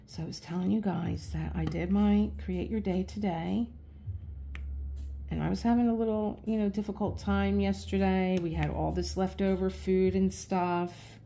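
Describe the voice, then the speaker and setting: Middle-aged lady vlogging while she works on her art, gravelly and kinda rambly, a little faint hiss behind. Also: medium pitch, fairly even intonation, normal speed, mellow. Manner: rambling, chatty storytelling with small laughs. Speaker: artist and channel host. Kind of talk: casual chat while working on a craft project.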